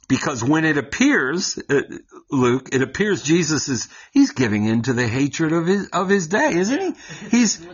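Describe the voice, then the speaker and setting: A man teaching from the Bible to his co-hosts in a lively, conversational way, often checking in with a quick "right?" and laughing as he explains. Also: fairly high pitch, breathy edge, dull audio. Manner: animated, keeps asking "right?" and laughs while explaining. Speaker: Bible teacher on a talk show.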